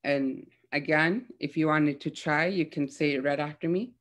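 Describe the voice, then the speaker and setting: A young woman teaching throat singing in a gentle, hesitant way, with many fillers. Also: low-pitched, normal speed. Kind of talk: casual spoken lesson with demonstrations.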